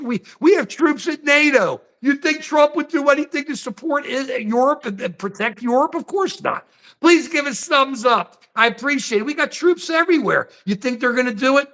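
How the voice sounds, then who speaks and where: A man's voice: high voice, fairly bright tone. A man hosting a political commentary livestream, ranting and rambling, repeating phrases as he reads out chat comments. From United States.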